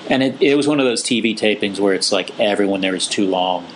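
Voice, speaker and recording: A low-voiced American comedian telling stories in a relaxed chat, lively and quick to mimic the people he quotes. A faint ambience sits under his voice. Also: slight background noise, poor audio. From United States. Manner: storytelling, lively, does voices when quoting. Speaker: stand-up comedian. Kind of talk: casual podcast chat.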